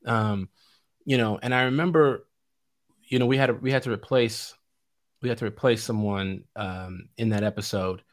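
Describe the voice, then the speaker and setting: Animated storytelling man. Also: lowish voice, moderate pace. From Chicago. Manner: animated, laughing often, acts out quotes. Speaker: guest. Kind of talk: casual storytelling.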